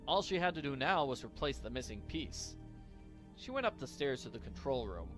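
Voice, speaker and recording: Over soft background music, a man narrates a comedic parody story with wry, deadpan asides. His voice is bright and slightly high, and his delivery rises and falls a lot.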